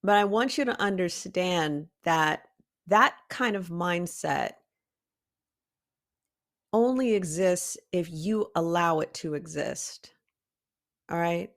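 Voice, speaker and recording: A woman hosting a motivational talk for artists, preachy and emphatic, with sudden high rises on key words. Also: slow pace, long pauses. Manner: emphatic and preachy, calls listeners "baby cakes". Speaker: art coach and podcast host.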